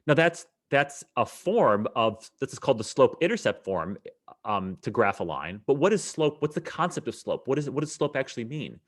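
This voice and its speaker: A man teaching a math webinar, explaining in a lively way with frequent fillers and restarts. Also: mid-range voice, normal speed. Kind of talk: webinar lecture.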